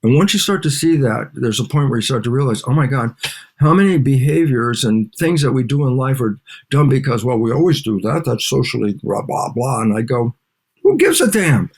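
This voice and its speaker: Older male lecturer, animated, plays out dialogues mid-answer. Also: mid-range voice, fairly quick, breathy edge. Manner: animated, acts out back-and-forth dialogues. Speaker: guest scientist and lecturer. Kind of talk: interview conversation.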